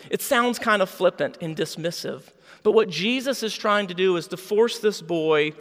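A man's voice: high-pitched, fairly bright tone, big-room sound. A man preaching a sermon with passion, voicing the people in his story. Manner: impassioned, acts out quoted voices. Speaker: pastor.

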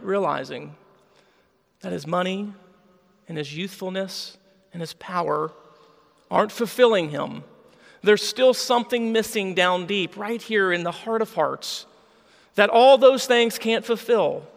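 A man's voice: high-pitched, gravelly, big-room sound. A man preaching a sermon with passion, voicing the people in his story. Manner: impassioned, acts out quoted voices. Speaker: pastor.

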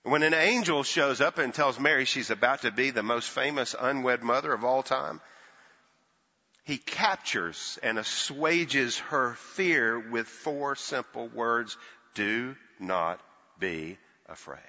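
An older man preaching in a church sanctuary, his bright, forceful voice ringing with a long reverb. The recording is dull and muffled. He tells the story and slips into hushed or raised tones for the quoted voices. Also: medium pitch, slow. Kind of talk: sermon.

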